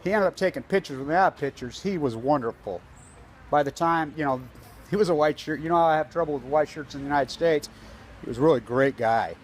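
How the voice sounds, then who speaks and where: A man's voice: on the high side, brisk, a little hiss or hum. Agitated man ranting at a street protest. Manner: agitated, conspiratorial, tells stories with quoted dialogue. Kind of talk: self-filmed protest vlog, rambling commentary. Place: outdoors on a street outside an office building. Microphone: handheld camera.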